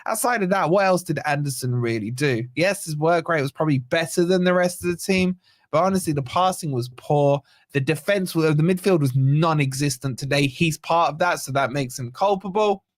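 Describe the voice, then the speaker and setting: A man with a fairly high voice hosts a football reaction stream. He sounds exasperated and sarcastic, rambling through ratings. The sound is dry and close, with no room around it. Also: normal speed, no room sound. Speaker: fan channel host. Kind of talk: post-match reaction livestream.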